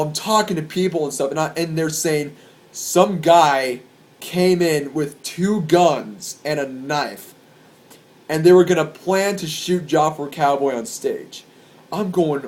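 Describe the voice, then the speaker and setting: A young man telling wild concert stories to camera in a rambling, profane and excitable way. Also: on the high side. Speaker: vlogger. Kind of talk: casual storytelling to camera.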